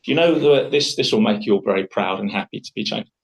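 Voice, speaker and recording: A man's voice: fairly low pitch, fast talker, low-quality recording. Chatty man leading a speaking workshop. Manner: chatty, enthusiastic, rambling with restarts. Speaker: public speaking workshop leader. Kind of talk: live workshop talk to a group.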